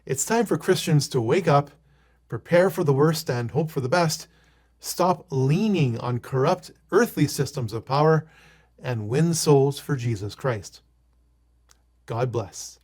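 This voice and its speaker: A man hosting a report, reading scripted, solemn remarks with a Bible quote in a measured way. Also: a little high, expressive, a little mellow. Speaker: host of a report show. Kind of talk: scripted narration.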